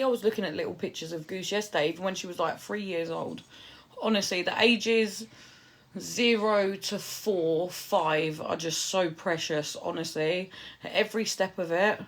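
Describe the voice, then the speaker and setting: Gravelly woman chatting on a livestream. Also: lowish voice. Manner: chatty and affectionate, reading out chat messages. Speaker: livestreamer and new mother. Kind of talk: casual livestream chat. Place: at home.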